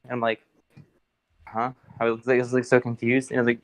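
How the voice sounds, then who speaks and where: A man's voice: medium pitch, completely flat delivery, fast, pauses often, no echo, poor audio. An American man chatting casually, telling stories and teasing, often swearing. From United States. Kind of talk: casual chat.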